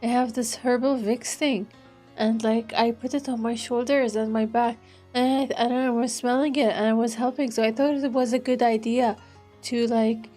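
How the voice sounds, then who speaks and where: A woman's voice: fairly high pitch, steady tone, moderate pace, mellow, soft background music. A woman streamer chatting casually on a live stream, giggly and self-deprecating as she rambles, her nose stuffed up and burning.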